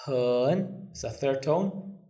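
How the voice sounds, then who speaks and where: A man's voice: mid-range voice, unhurried, dark tone. A man teaching a language lesson, patient and reassuring, counting strokes aloud as he writes. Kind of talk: step-by-step lesson.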